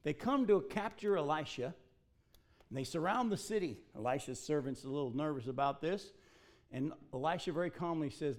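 A pastor preaching a sermon, reading a Bible passage aloud and then explaining it to his congregation, slowing down to stress key phrases. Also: mid-range voice, vocal fry. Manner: reads scripture then preaches, addresses congregation directly.

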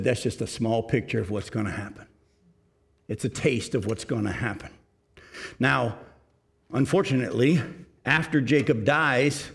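A man's voice: medium pitch, creaky. A man preaching a sermon, reading scripture aloud and explaining it to his congregation. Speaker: pastor.

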